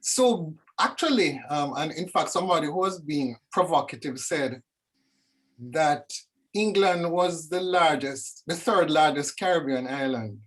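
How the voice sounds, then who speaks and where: Woman, discussion guest; animated, reflective, dramatic asides; video call. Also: low-pitched, measured pace, breathy edge. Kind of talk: reflective conversation.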